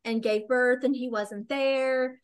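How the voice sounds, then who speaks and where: A woman's voice: high-pitched, steady tone, slow, clear, resonant tone. A woman co-hosting a casual chat, emphatic and blunt, drawing out her words. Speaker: co-host.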